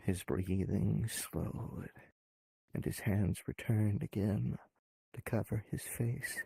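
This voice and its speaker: Raspy man narrating dramatically. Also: on the low side, steady tone, slow, warm tone, dry recording. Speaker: improv performer. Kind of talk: improvised story narration.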